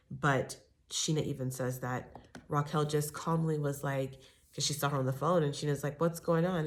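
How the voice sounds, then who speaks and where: A woman giving a casual, opinionated recap of a reality show, talking with many fillers and asides. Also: low voice.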